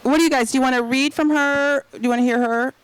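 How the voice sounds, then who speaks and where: A woman's voice: high voice, fairly even intonation, fast, clean tone, poor audio. A woman moderating a live book event, asking long questions and thinking aloud as she goes.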